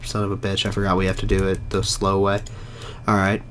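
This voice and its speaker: A hoarse man with a sore, rough throat, muttering casual commentary while he plays a game live. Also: sits low, completely flat delivery, fairly quick, slight background noise. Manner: mutters to himself while playing, frequent swearing. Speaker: game streamer.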